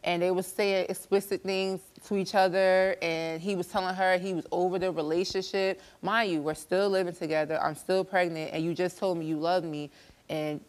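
A woman's voice: fairly low pitch, normal speed. A woman guest on a talk show, animatedly retelling a relationship fight on a studio stage. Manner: animated storytelling, acting out quarrels.

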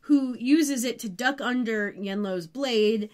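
A woman's voice: fairly high pitch, slow. A woman co-hosting a podcast, recapping a TV episode with playful, joking banter. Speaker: podcast co-host. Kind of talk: casual recap chat.

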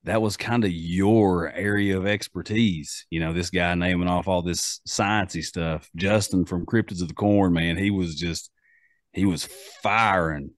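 A man's voice: low-pitched, steady tone, a little slow, no room sound, clean studio sound. A man with an Appalachian accent hosting a podcast in casual, rambling chat full of fillers and restarts. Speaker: podcast host.

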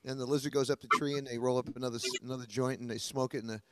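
A man's voice: mid-range voice, fairly even intonation, very fast, fairly bright tone, dry recording. A man telling a rambling joke at a virtual open mic, loose and laughing as he goes. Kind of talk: casual joke telling on a video call. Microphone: video call mic. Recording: noisy video call audio.

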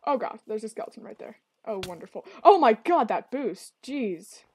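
A woman's voice: medium pitch, expressive, normal speed, warm tone, breathy edge. A young woman hosting a casual gaming session with a friend, laughing often and chatting loosely. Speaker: gaming channel host.

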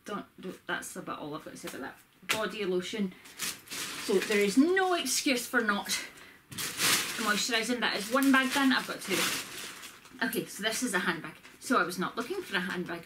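A woman's voice: medium pitch, animated, normal speed, background noise. A woman vlogger chatting casually from her bedroom, rambling and self-deprecating as she shows off a shopping haul. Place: bedroom at home. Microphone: camera with ring light.

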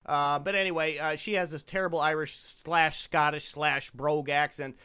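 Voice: mid-range voice, steady tone, normal speed, bright, forceful tone, clear, resonant tone. A podcast host giving a sarcastic film recap from notes, cracking crude jokes. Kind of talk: casual film-review chat, reading from notes.

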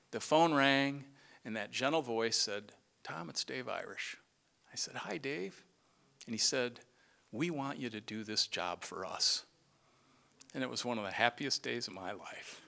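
A middle-aged man giving an earnest farewell speech as a retiring director, sometimes halting and restarting. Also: mid-range voice, bright, forceful tone.

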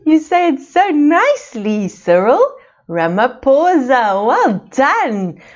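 A woman from South Africa teaching small children in an online playschool lesson, asking slow, sing-song questions. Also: high voice, very animated, highs cut off. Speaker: preschool teacher.

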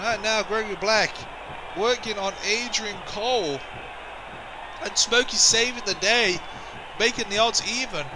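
A man doing excitable, indignant play-by-play commentary for a video game wrestling show, often repeating himself. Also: sits high, a little slow, noisy background.

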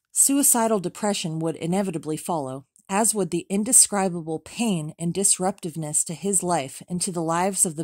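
Female reader for a memoir audiobook; measured, even delivery, slightly low pitch, dry booth sound. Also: dry recording. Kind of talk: reading a memoir aloud.

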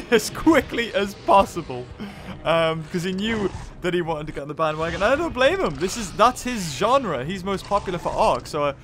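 A nasal man hosting a gaming channel, short on sleep, chatting and ranting animatedly while he plays. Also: high voice. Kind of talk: casual gaming commentary.

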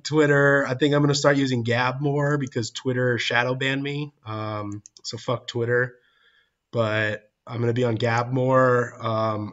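A man runs his weekly livestream in a loose, rambling way. He reads out viewer comments and laughs easily as he goes. His voice sits at a middle pitch and comes through muffled, lo-fi stream audio. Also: fairly bright tone. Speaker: livestream podcast host. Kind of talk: casual livestream chat. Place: church building.

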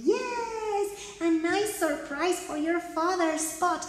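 High, sing-song storytime teacher, echoey room. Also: female voice, slow, hardly any pauses, slight background noise. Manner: sing-song, exaggerated, coaxing children to join in. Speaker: children's English teacher. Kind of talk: bilingual storytime read-aloud for kids. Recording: very echoey room with long reverb.

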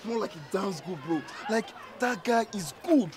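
A man's voice: sits high, lively intonation, moderate pace, crowd noise. An actor with a Nigerian accent playing an easygoing young male student who wheedles his friend for help. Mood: wheedling.

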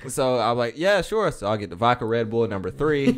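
A young man at medium pitch tells a rambling story in relaxed, casual chat. He acts out quoted lines and laughs easily as he goes. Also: fairly quick. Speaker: podcast co-host.

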